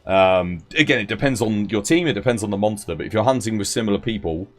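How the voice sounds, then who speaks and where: Over faint background music, a man with a lowish voice talks fast while live-streaming a game. He chats casually, greets viewers by name, and explains game mechanics as he shares gameplay tips.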